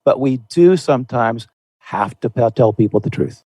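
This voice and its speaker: A man's voice: mid-range voice, animated, moderate pace, mellow, no echo. Earnest man in a dry studio. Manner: earnest, folksy explaining with restarts. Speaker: podcast host. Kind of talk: conversational Christian podcast discussion.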